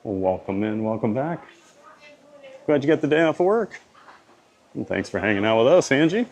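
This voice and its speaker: A man with a Louisiana accent live-streaming from a theme park, reading and answering chat viewers in a relaxed way. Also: medium pitch, moderate pace.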